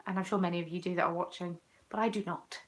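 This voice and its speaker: A woman's voice: lowish voice, steady tone, fast talker. A woman in her twenties with a Southern English accent, chatting casually while she knits and answers comments from viewers, self-mocking in tone. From southern England. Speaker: craft vlogger. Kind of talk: casual chat while knitting.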